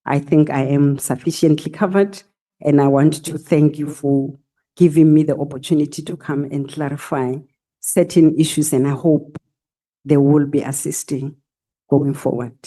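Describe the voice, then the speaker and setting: Woman, middle-aged, formal testimony, halting, mellow, flat delivery. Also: sits low. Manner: slow, measured, halting with filler sounds. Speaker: police general giving testimony.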